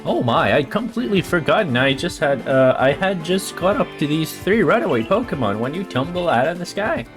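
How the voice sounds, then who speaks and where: Man putting on a prim genteel professor, raised voice, lively, old-fashioned phrasing, music behind. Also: fairly high pitch, fairly quick, few pauses, voice pushed up. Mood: courteous. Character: polite, fussy, genteel male professor.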